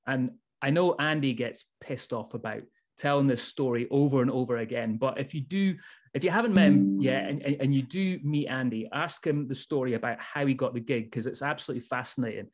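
A man hosting a podcast, chatting casually with upbeat banter and playing the hype man for his guest. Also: mid-range voice. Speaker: podcast host. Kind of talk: casual chat.

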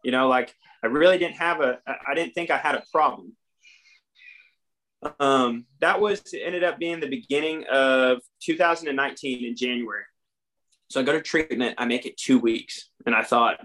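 A man's voice: medium pitch, normal speed, bright, forceful tone. A young man with a drawl, a podcast guest candidly telling his own story in plain, earnest speech and acting out the lines he once said. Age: young adult. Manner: earnest, plain-spoken, acts out his own past dialogue. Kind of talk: candid storytelling about addiction recovery.

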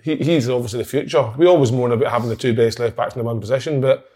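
A man's voice: medium pitch, rapid-fire, dark tone. A Scottish man with a Scottish accent in a casual football chat, reflective and conversational.

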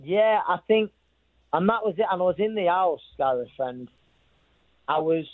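A man's voice: high-pitched, expressive, normal speed, dry recording. A man, a boxer recounting a story in an interview, rambling and repeating himself as he quotes others. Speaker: boxer telling his story. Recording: thin phone-like sound.

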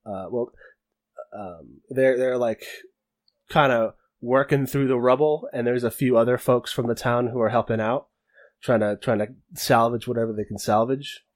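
Halting man running a tabletop game. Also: mid-range voice, fairly even intonation. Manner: halting, many fillers and restarts. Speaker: game master.

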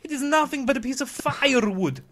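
Brief: man doing an old Eastern European carpenter in a storybook, eager and jumpy, voice pitched up high. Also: sing-song, moderate pace. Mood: frightened. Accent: Eastern European (put on). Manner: theatrical, trembling storybook reading. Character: old male carpenter, eager, easily frightened.

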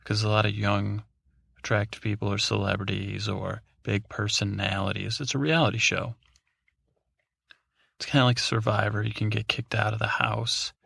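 A man's voice: fairly low pitch, flat delivery, normal speed, gravelly, pushed and bright, breathy edge, no room sound, clean studio sound. A man hosting a podcast, telling a meandering, drowsy bedtime story with many fillers and restarts. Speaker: podcast host.

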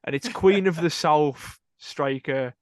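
A man's voice: fairly high pitch, slow, dry recording. Rambling man, dry close sound. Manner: rambling, self-correcting, laughing at own slips. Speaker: podcast co-host reading transfer rumours. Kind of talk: casual podcast chat.

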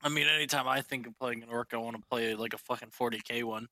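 A man's voice: mid-range voice, fairly even intonation, fast, bright, forceful tone, dry recording. A young man chatting casually with friends, confidently explaining how he slips in and out of accents. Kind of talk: casual chat among friends.

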